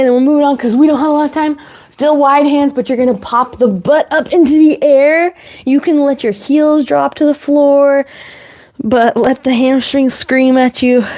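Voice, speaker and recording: A woman's voice: high-pitched, dark tone. A woman fitness instructor leading a home workout, chatty as she cues each move and counts reps.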